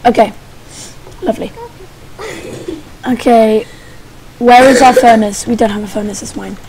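A woman's voice: a little high, fairly even intonation, measured pace, darkish tone, slight background noise, low-quality recording. A woman talking casually to herself while playing a video game, muttering as she goes. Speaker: gaming channel host. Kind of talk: casual let's-play commentary.

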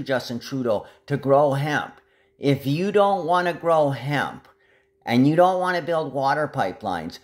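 A man delivering a rambling, agitated monologue to camera, jumping from one topic to the next. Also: mid-range voice.

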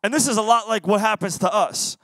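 A young man, a youth pastor, giving a lively sermon to teens and playfully acting out quotes. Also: sits high, fairly quick, dry recording. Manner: playful, acts out voices and quotes. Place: church youth service.

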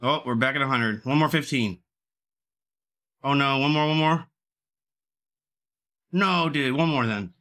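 Male streamer, tense forceful tone, profane running commentary on his own gambling. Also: medium pitch, unhurried, long pauses. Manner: profane, swings between begging and cursing. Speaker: livestreamer.

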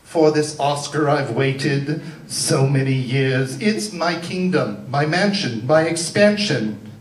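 A man's voice: fairly high pitch, slow pace, a little hiss or hum. A man voicing an aging woman film starlet in a live comic a cappella performance. She is haughty, fixated on cleanliness and indignant, defending herself in theatrical rhyming lines, heard from a distant mic in a roomy theater. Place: theater stage.

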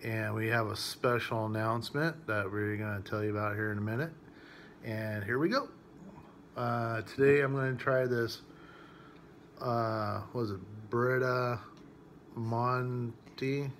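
A man chats in a relaxed, joking way on a casual home vlog. His voice sits at a middle pitch, with faint noise behind him. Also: measured pace. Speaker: vlog co-host. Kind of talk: casual chat.

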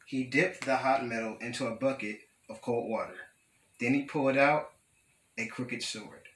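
A young male student reading a children's picture book aloud at a steady, careful pace. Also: mid-range voice, moderate pace, reverberant, a little hiss or hum, poor audio. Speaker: student storyteller.

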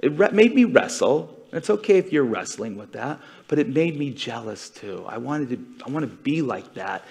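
A man's voice: medium pitch, big pitch swings, normal speed, gravelly, hardly any pauses, darkish tone. A man giving a conversational sermon to a congregation, retelling a story earnestly and with feeling. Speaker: congregation speaker.

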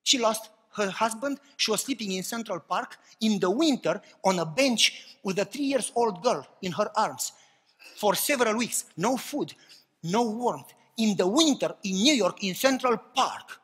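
A man preaching a passionate sermon, swinging between loud cries and hushed, low remarks. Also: lively intonation, a little slow, slightly rough, big-room sound. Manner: impassioned preaching, swings from shouts to hushed tones.

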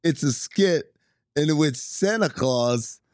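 A man's voice: fairly high pitch, expressive, slow, darkish tone, no echo, studio quality. A man co-hosting a movie podcast, laid-back and laughing often. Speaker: podcast co-host. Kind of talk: casual movie podcast banter.

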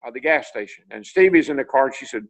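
A man's voice: medium pitch, expressive, fast, poor audio. An older man from Tennessee, telling long anecdotes as a guest on a video call interview, full of restarts and fillers. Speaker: interview guest, retired racing driver.

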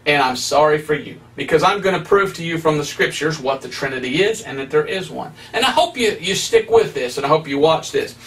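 Male evangelist, fairly high voice, emphatic preacherly delivery, mic a little far off. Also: animated, brisk, hardly any pauses, a bit bright. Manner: emphatic, preacherly, with rising stresses. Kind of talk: preaching Bible study.

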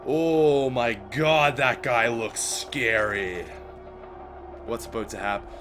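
A man's voice: medium pitch, takes it slowly, a bit bright, faint music behind. Joking young Canadian man gaming. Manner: joking, mimics game lines. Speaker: gamer playing a shooter. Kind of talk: casual gameplay commentary.

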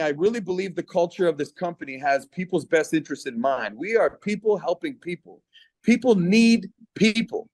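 Earnest man pitching on a dry call. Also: darkish tone, no room sound. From Canada. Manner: earnest and persuasive, voice catching with emotion. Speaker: guest giving a testimonial. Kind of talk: personal testimonial on a video call. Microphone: video call.

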